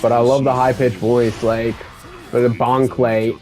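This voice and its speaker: A young man giving casual gameplay commentary, excitable and swearing freely as an enthusiastic fan. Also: medium pitch, measured pace, faint music behind. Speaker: gaming YouTuber.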